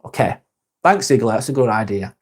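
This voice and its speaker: A man's voice: mid-range voice, lively intonation, a little fast, husky. A man in his forties hosting a live vlog, chatting casually and candidly, rambling and swearing a lot. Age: 40s. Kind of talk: casual live-stream chat.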